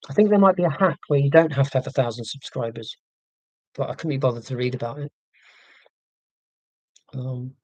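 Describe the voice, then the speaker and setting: A man rambles through a casual live stream, self-deprecating and often restarting his sentences. His voice is warm and mellow, recorded dry and close on a laptop mic at home. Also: a little high, dry recording. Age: 40s. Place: indoors at home. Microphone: laptop microphone.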